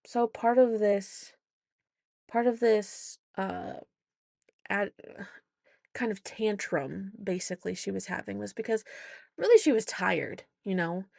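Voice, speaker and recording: A woman's voice: mid-range voice, takes it slowly, creaky, long pauses, darkish tone, dry recording, clean studio sound. A woman hosting a casual storytelling podcast, chatty as she recounts her week and acts out the voices in her anecdotes. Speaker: podcast host; mother.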